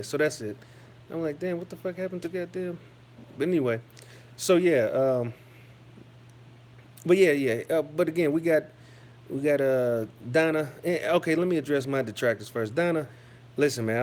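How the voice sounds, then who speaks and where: A man's voice: medium pitch, a little mellow. A man ranting casually to his viewers, profane and insulting, with many fillers and restarts. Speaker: YouTube commentator. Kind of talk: casual rant to camera.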